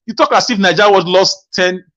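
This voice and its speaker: A man calls in to a live discussion, his voice sitting high for a man. He talks with passion and stumbles over his opening words. The call audio is dull and lo-fi. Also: fairly quick, bright, forceful tone. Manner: passionate, repeats words when starting phrases. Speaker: caller.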